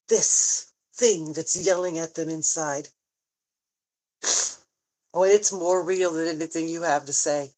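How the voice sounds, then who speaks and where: A woman talking tearfully in a personal vlog, halting and sighing often, frank and swearing at times. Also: sits low, a little mellow, low-quality recording. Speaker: vlogger.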